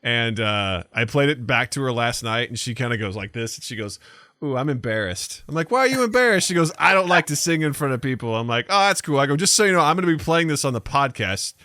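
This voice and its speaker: A middle-aged man on a podcast, telling animated stories and acting out quotes in casual chat. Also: medium pitch, fast, hardly any pauses, no echo, studio quality. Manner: animated storytelling, acts out quotes. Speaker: podcast guest, filmmaker.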